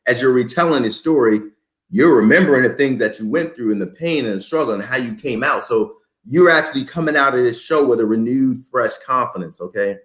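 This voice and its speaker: Animated man coaching on storytelling. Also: mid-range voice, reverberant. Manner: animated, acts out example lines and drops to a hush for effect. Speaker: host.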